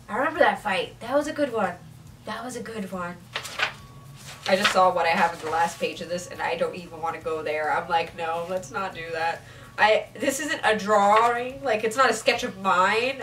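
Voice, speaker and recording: A woman's voice: fairly high pitch, fairly bright tone, recorded from a distance. A young woman chatting casually in a vlog, giggly and self-mocking as she looks back on old drawings. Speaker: youtuber. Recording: mic set back, faint ambient noise.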